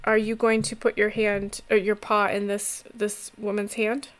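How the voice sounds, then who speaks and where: A woman's voice: medium pitch, a little slow. Chatty woman running a tabletop game. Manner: relaxed, rambling with fillers and restarts. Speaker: game master.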